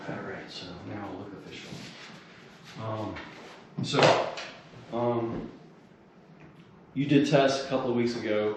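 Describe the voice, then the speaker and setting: A man's voice: on the low side, far from the mic. A man casually explaining a comedy sketch, rambling with fillers and restarts. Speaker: comedy sketch director and actor. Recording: echoey room with faint noise.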